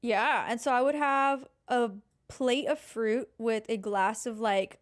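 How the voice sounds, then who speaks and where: Playful loud woman, slightly high voice. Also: slow pace. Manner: loud, playful and crude, teasing. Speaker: podcast co-host. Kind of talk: casual podcast chat.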